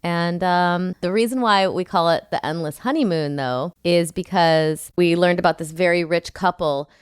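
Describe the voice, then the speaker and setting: A woman's voice: on the low side, moderate pace, smooth, no room sound, clean studio sound. A woman co-hosting a comedy relationship podcast, frank and wry in casual banter, laughing easily. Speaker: podcast co-host.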